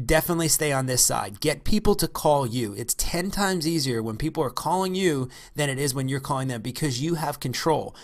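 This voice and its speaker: A man's voice: mid-range voice, gravelly. A man who is a real estate investor giving a casual, rambling talk on negotiation, full of fillers and restarts.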